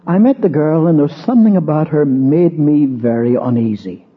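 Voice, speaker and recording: Husky man, preacher, raised voice, tinny narrow-band recording. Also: on the high side, moderate pace. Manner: walks through verses, stresses repeated words. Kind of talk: expository sermon with a personal story.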